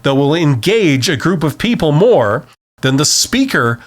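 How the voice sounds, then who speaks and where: Hosting a solo advice podcast, a man talks off the cuff with energy, checking in with "okay?" after most points and varying volume and speed as demonstration. His pitch is fairly high and his pace measured.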